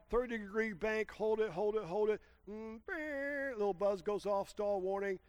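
A middle-aged male pastor telling a lively personal story in a sermon, exclaiming and calling out to the congregation. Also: on the high side, no room sound. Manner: animated storyteller, exclaims and laughs, calls out to congregation.

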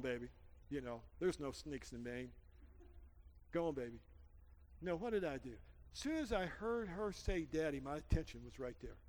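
A man preaching a sermon as pastor, telling a story and rising to shouted peaks. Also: on the high side. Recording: church hall reverb.

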